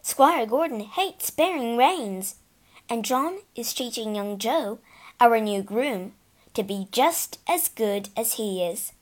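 A sullen young mare tells her sad story in a storybook, voiced by a woman. She speaks slowly and bitterly, her pitch rising and falling widely. The voice sits fairly high. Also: animated. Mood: softened. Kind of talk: storybook reading.

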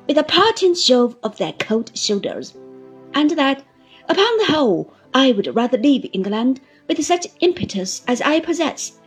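Woman doing a pompous wordy husband, husky, lively pitch, storybook reading. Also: heavily acted. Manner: grandiloquent, heated then relenting. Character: pompous flowery middle-aged husband.

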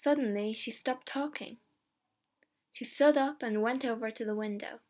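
A woman reading a simple story aloud in clear, slow narration. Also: on the high side, fairly even intonation, a little mellow. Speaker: reader.

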